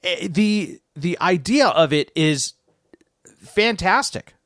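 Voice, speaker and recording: A man co-hosts a casual podcast, talking in an animated, loose way, restarting sentences and swearing now and then. His voice sits a little high for a man. The sound is dry and close, with no room around it. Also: takes it slowly, no echo. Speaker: podcast co-host.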